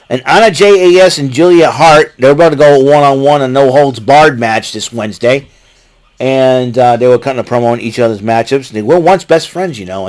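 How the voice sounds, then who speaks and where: A man casually recapping a wrestling show, rambling with fillers and often breaking into laughter. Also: mid-range voice. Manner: watching a ball game while talking.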